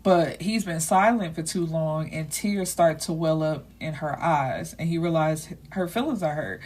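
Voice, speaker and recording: A woman's voice: deep voice, unhurried, a little mellow. A woman book reviewer recapping a novel's plot in a casual, chatty way, with blunt and salty asides. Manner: chatty, leaning on "you know" and "like".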